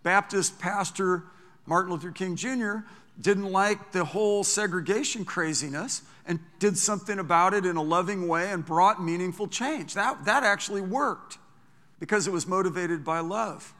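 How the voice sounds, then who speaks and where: Preaching a sermon, a male pastor uses a bright, forceful voice set slightly high. His style is animated and conversational, packed with quick restarts, and the audio rings with the long reverb of a big church hall.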